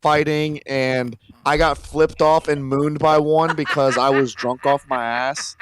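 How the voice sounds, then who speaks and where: A man's voice: fairly high pitch, steady tone, a little slow. Rambling young man telling a story. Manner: rambling, laughs at own story. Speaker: guest. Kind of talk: casual storytelling.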